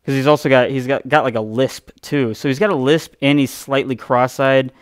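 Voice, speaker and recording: A male streamer rambles through a story, swearing and breaking off his own sentences as he goes. His voice sits at a middle pitch. The sound is dry, with no room echo. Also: fairly even intonation, normal speed. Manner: rambling, profane, self-interrupting. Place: home streaming setup.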